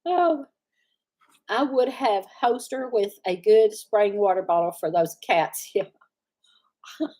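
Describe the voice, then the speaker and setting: Chatty husky woman in her sixties. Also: medium pitch, takes it slowly, pauses often, warm tone. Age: 60s. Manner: chatty, meandering, laughs easily. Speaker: live stream host. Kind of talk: casual storytelling chat.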